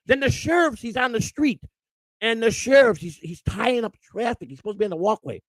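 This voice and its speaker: A man's voice: sits high, big pitch swings, fast talker, dry recording, studio quality. A middle-aged man hosting a live stream, telling an emotional, rambling personal story and often repeating and restarting his words. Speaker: host.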